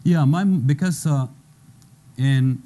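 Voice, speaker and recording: A man's voice: a little high, takes it slowly, dark tone. A man in his thirties from Afghanistan with an Afghan accent, speaking broken English as he gives earnest personal testimony on a panel. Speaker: former interpreter, panel guest.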